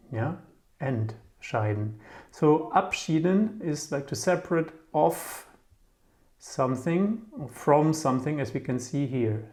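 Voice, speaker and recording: Slow, musing male language teacher. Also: mid-range voice, darkish tone. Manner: slow, musing, repeats words aloud, frequent "yeah?" checks. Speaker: German teacher. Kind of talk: casual explanatory lesson.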